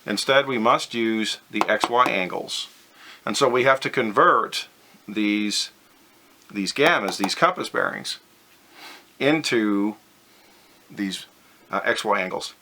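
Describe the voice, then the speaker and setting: A man's voice: lowish voice, slow pace, long pauses, bright, forceful tone, slight background noise. A man teaching a physics lesson over slides, methodical and step by step, stressing the key words.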